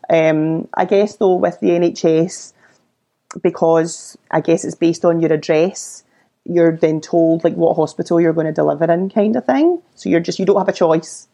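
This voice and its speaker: A woman's voice: lowish voice, fairly even intonation, moderate pace, creaky, mellow. A Scottish woman in her thirties, chatting as a podcast guest and acting out the voices of people in her stories. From Scotland. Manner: chatty storyteller who acts out quoted voices. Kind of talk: casual interview chat.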